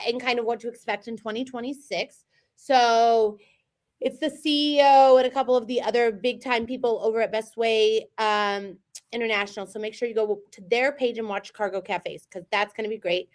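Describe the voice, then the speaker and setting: A woman co-hosting a casual chat show, teasing and animated when telling stories. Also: on the high side, moderate pace. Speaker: co-host.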